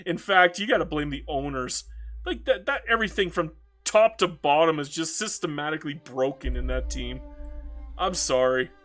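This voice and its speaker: A man's voice: fairly high pitch, normal speed, a bit bright, faint music behind. A man streaming a strategy game, chatting casually and ranting with frequent laughs and stammered restarts. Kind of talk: casual chat while gaming.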